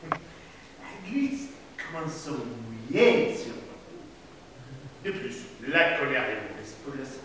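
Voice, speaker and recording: A man's voice: mid-range voice, very animated, measured pace, a bit bright. An actor playing a proud, stubborn man who comes to confess a future sin, in a haughty, mannered stage delivery. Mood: evasive. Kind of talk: amateur stage play. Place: theater stage. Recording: echoey hall from far off, noisy.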